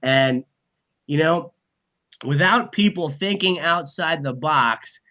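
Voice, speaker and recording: A brash man speaks as a podcast guest, his voice bright and forceful and pitched a little above the usual. He swears constantly and rambles through blunt motivational advice. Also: slow, rough recording. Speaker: band and comedy manager, guest. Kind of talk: casual podcast interview.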